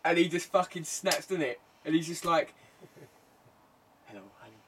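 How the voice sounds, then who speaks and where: A man's voice: on the high side, little pitch movement, fairly quick, far from the mic, background noise. Giggly man, off-mic. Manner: enthusiastic, giggly, retells scenes with quoted voices. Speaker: podcast co-host. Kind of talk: casual chat.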